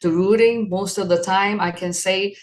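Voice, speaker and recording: A woman's voice: mid-range voice, steady tone, moderate pace, slight background noise. A woman around sixty from New York City, sharing her personal story as an interview guest, earnest and reflective.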